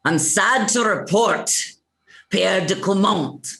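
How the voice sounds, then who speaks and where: An actor voicing an announcer with an Irish accent, reading results in a slow, proclaiming way. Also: medium pitch, vocal fry, a bit bright, echoey room. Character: announcer Skahak reporting hunt results. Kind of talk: voice acting session reading lines.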